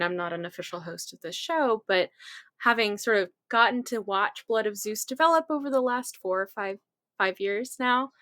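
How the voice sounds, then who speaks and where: A woman's voice: medium pitch, fairly bright tone, no room sound, studio quality. A woman acting as a guest co-host, speaking sincerely in a casual interview.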